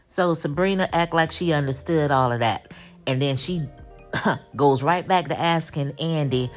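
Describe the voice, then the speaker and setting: A woman with a Black way of speaking, recapping a TV episode in casual, animated chat and acting out the characters' lines with attitude. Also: sits low, normal speed, soft background music. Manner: animated, acts out quotes with attitude. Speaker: TV recap host.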